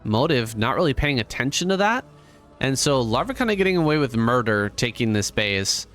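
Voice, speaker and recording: A man casts a strategy game match by himself in an easygoing, conversational play-by-play manner with offhand asides. His voice sits at a middling pitch. Faint music plays quietly underneath. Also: very animated, moderate pace. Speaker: esports caster. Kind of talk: solo game commentary.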